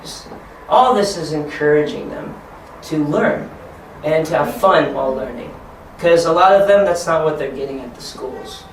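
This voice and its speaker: A man training teachers, talking encouragingly and acting out excited children in a high voice. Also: moderate pace, slight background noise. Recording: echoey room from far off.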